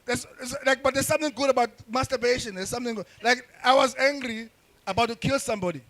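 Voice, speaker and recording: A young man doing crude, rambling stand-up comedy with frequent restarts and shouted bursts. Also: very high voice, quick pace. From South Africa.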